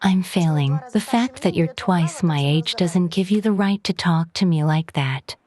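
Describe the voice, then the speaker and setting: Woman doing a young worker sassing her boss, lowish voice. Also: measured pace, a little mellow, lightly acted. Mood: defiant. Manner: defiant. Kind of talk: dubbed film dialogue.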